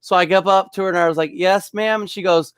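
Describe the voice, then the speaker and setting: A man's voice: high voice, flat delivery, racing, clean tone, no echo. Young male storyteller, raised voice, rambling and chuckly, dry close sound. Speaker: bartender. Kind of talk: casual storytelling.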